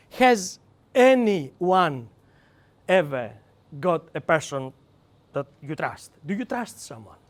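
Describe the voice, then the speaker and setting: A man with a Greek accent leading a live seminar, emphatic and animated, acting out quoted lines and calling on audience members by name. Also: high voice. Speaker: seminar trainer.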